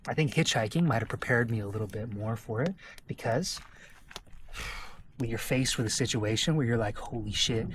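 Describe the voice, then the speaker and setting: An American man, a travel vlogger, telling a personal story to camera in an animated way and often checking in with his listeners. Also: mid-range voice, moderate pace, long pauses, background noise. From United States.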